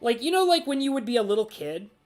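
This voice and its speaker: A man's voice: very high-pitched, fast. A man chatting casually on a live stream, reading out chat messages and rambling with plenty of "like" fillers. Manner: animated, mock-ranting.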